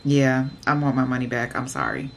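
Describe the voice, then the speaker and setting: A woman's voice: very deep voice, big pitch swings, normal speed, vocal fry, a little hiss or hum. A woman vlogger chatting casually to her viewers, ranting with exasperation. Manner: talks straight to viewers.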